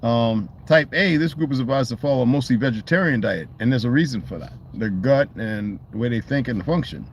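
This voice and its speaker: A man's voice: medium pitch, lively intonation, a little fast, few pauses. Rambling man with a faint background hum. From United States. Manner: loose, meandering, swears freely, many restarts. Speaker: channel host. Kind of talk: casual rambling monologue.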